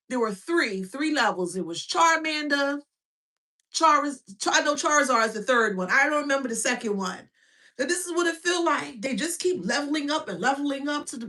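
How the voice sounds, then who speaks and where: A woman's voice: sits high, normal speed. A woman giving a casual spiritual reading, talking in a blunt, mocking, slangy way. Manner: animated, blunt and mocking, with frequent slang and laughs. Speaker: spiritual reader.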